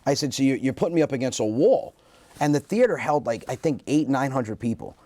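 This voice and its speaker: A man, a comedian guest, telling lively stories in a casual interview and acting out what people said. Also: mid-range voice, fairly quick, no room sound. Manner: animated storyteller acting out quotes.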